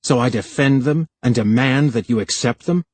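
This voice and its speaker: Brief: narrator doing a young male official, husky, clipped and resentful, dry sound. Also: medium pitch, normal speed, no echo, close to an everyday voice. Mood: bitter. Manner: bitter, sharp retorts. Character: young male time official, tense and defensive.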